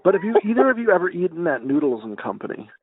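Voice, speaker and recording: A man's voice: high voice, big pitch swings, very fast, slightly rough, no room sound. Mumbling man on a tinny call line. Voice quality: mumbling, slightly nasal. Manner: swears freely, laughs at himself. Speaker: podcast co-host. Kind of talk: casual chat. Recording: tinny phone-like call audio.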